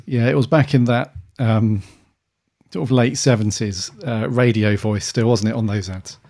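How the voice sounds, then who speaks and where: Relaxed man in his forties. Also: mid-range voice, moderate pace. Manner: relaxed, with many fillers. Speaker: podcast co-host. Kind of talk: casual chat.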